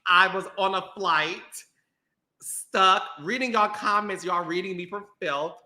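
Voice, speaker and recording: A man hosting a podcast, chatting playfully and laughing often, then turning slow and emotional. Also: high-pitched, bright, forceful tone, reverberant. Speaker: podcast host. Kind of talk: casual chat.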